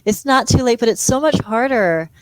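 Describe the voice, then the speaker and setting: A woman in her forties, a guest on a podcast, chatting casually and poking fun at herself, quick to laugh. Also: fairly high pitch, lively intonation, low-quality recording. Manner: chatty and self-deprecating, laughs easily. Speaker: guest speech-language pathologist. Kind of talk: casual interview conversation.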